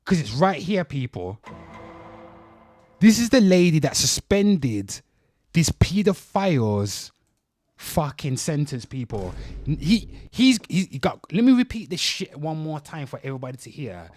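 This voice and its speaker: A livestream host rants angrily about news stories, swearing heavily and repeatedly calling out to his viewers. His voice is a little high and a little mellow, very animated, and a little slow.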